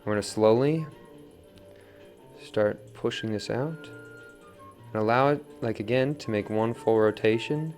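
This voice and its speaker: A young man casually teaching wheel throwing, coaching in a relaxed way and often checking in with "right?". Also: lowish voice, a little slow, long pauses, soft background music. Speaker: pottery teacher.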